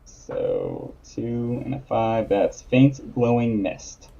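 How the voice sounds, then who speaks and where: A man's voice: on the low side, wildly swooping pitch, very slow, vocal fry, dark tone, husky. A man playing a tabletop game, speaking briefly and plainly. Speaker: player. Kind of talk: actual play of a journaling tabletop game. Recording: dull lo-fi mic.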